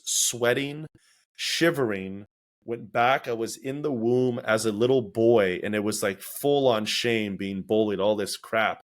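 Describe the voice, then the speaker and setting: A man hosting a casual podcast, talking reflectively and acting out his own inner voices as he tells stories. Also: fairly low pitch. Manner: reflective, animated storytelling with acted-out inner voices. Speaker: podcast host.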